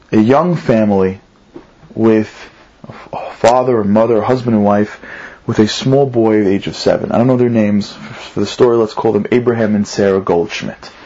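Husky guy giving a sermon, telling a story, earnest, kinda muffled audio. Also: medium pitch, a little mellow. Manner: earnest, asks questions, rises for emphasis. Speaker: religious speaker. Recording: slightly muffled recording.

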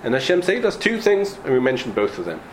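Animated man giving a Talmud lecture. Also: medium pitch, quick pace, a little hiss or hum. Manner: animated, rising to questions, frequent restarts and coughs. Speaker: Torah teacher.

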